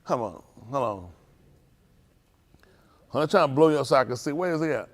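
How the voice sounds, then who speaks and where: A man pastoring a service, playfully teasing young people in the congregation and calling them out by name. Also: moderate pace. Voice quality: high lively voice that leaps up in mock singing. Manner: playful teasing, calls out names, Southern Black vernacular phrasing. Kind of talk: informal sermon with youth check-ins. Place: congregation hall.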